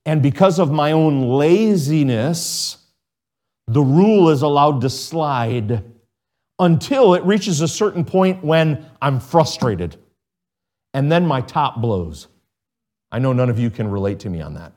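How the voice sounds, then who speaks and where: A middle-aged man preaching a sermon in an earnest, conversational way, with sudden jumps in pitch and volume. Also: lively intonation, measured pace, darkish tone. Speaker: pastor.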